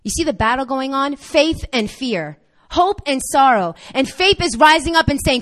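Preaching to her congregation, this woman speaks in a high, animated voice. Her passion builds to near-shouts on the important points, and she peppers the listeners with rapid questions.

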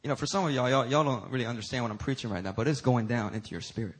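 A man preaching a sermon as pastor, emphatic, rising to high, loud peaks and talking casually to the congregation. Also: racing, slightly rough, low-quality recording. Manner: uses y'all and casual asides to the congregation.

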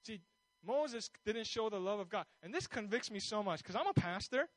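A man preaching as a pastor, telling scripture stories with animated, repetitive delivery. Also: sits high, moderate pace, no echo, poor audio. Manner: animated storytelling, repeats words, acts out voices. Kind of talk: sermon.

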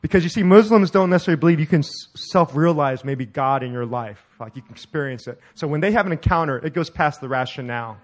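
A middle-aged male pastor delivers a sermon as a lively story. He laughs often and acts out each line of dialogue with animation. His voice sits a little high for a man. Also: fast talker, few pauses.

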